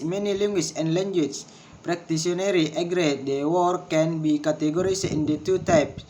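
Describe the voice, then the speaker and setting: Male presenter, slightly high voice, reads lesson notes at a very slow, careful pace. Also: darkish tone, a little hiss or hum. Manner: slow, careful reading with word drills. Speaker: English pronunciation presenter. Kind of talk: reading lesson notes aloud.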